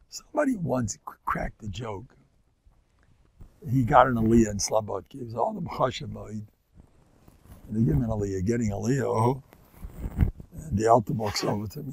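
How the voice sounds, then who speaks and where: An older man, hoarse, telling stories in an informal Torah class, rambling and swinging from loud bursts to near-whispers. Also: mid-range voice. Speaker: rabbi giving a Torah class.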